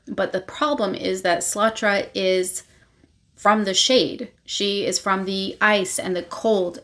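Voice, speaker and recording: Sex: female. Role: book vlogger. Style: casual recap. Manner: chatty, with filler words. Pitch: middle. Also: fairly bright tone. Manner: chatty, with lots of "like" and "you know".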